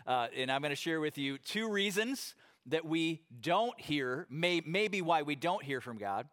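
A middle-aged pastor delivers a sermon in a fairly high voice. He preaches conversationally and tells stories with lively acted-out quotes. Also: unhurried.

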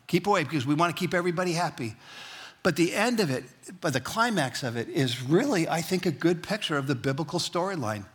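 Male pastor, husky voice, folksy sermon with light jokes and call-and-response. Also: fairly high pitch, a bit bright. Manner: conversational and folksy, with humorous asides; leads the congregation in call-and-response.

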